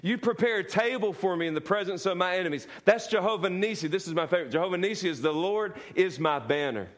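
A man's voice: sits high, expressive, fast. A male pastor preaching a sermon, repeating key lines with emphasis and calling for the congregation to answer aloud. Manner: repetitive emphatic preaching with call-and-response.

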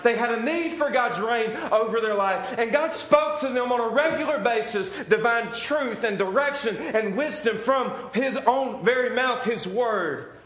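A man's voice: very high-pitched, a bit bright. A man preaching an earnest sermon, repeating phrases and asking the listeners rhetorical questions. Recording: echoey room.

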